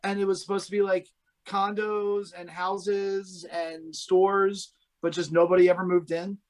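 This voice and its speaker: A male co-host with a Baltimore accent rambles and jokes through a casual comedy podcast, his talk full of "like" and restarts. His high-pitched voice is unhurried, with little pitch movement.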